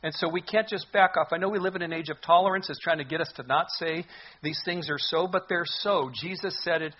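A man's voice: fairly high pitch, a little fast, muffled recording. A man preaching a sermon as a pastor, earnest and emphatic, repeating his points for weight.

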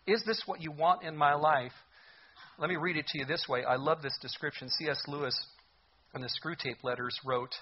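A man's voice: a little high, breathy edge, muffled recording. A man preaching a sermon in an earnest, conversational way, asking his listeners rhetorical questions. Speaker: pastor.

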